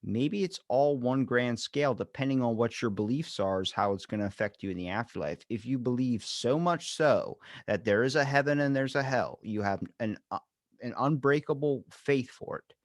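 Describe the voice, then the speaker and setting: A man in casual podcast chat, rambling and animated, acting out quotes as he retells stories. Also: medium pitch, moderate pace, no room sound, studio quality.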